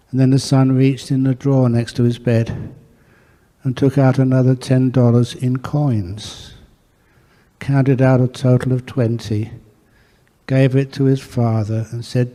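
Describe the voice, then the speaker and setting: Storytelling monk in a reverberant hall. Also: male voice, mid-range voice, little pitch movement, unhurried. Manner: warm anecdotal storytelling with acted dialogue. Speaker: Buddhist monk teacher. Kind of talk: storytelling dharma talk. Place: monastery hall.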